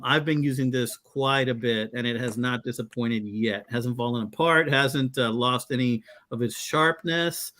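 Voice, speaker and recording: A man's voice: medium pitch, fairly bright tone. A man from Texas chatting casually on a live video call, showing off his knives in a rambling, laid-back way with many fillers. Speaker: knife channel guest. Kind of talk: casual live-stream chat.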